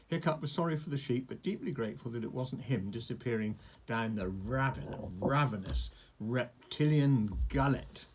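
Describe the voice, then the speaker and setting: A man narrating an audiobook with expressive storytelling. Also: medium pitch, normal speed.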